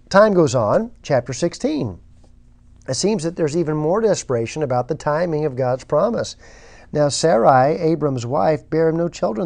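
A man's voice: fairly high pitch, vocal fry, mellow. A man preaching a sermon, reading scripture aloud and stressing points with emphasis. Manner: emphatic, reads scripture aloud, repeats words when restarting.

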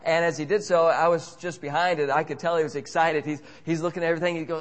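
A man telling a humorous, self-mocking story as a preacher, in an animated way. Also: fairly high pitch, fast. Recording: echoey hall.

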